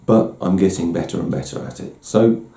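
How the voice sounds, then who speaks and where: A man's voice: deep voice, moderate pace, gravelly, warm tone. A middle-aged man giving a candid, self-deprecating personal talk as host, often restarting his words. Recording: roomy echo.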